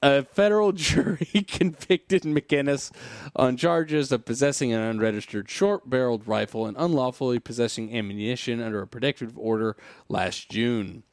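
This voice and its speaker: Man, podcast host, reads news aloud, sarcastic asides, dry close sound, middle pitch. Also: no room sound. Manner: sarcastic, wry asides and sighs. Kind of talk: casual chat, reading an article aloud with comments.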